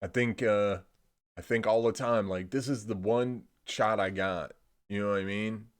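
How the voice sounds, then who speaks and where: Laid-back swearing man, low voice. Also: steady tone, normal speed, clear, resonant tone. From Indiana, USA. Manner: laid-back, swears a lot, trails off with "I don't know". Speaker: streamer. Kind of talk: casual rambling chat.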